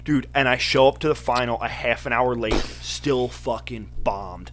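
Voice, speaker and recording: A man's voice: medium pitch, moderate pace, a bit bright, slight background noise. A young man in casual chat, telling a long profane story with quoted asides.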